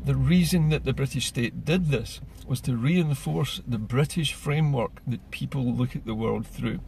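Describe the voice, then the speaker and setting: Gravelly man making his case. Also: medium pitch, normal speed, a little mellow, slight background noise. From Scotland. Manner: earnest, persuasive, rhetorical questions. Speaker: political commentator. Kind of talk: political vlog monologue.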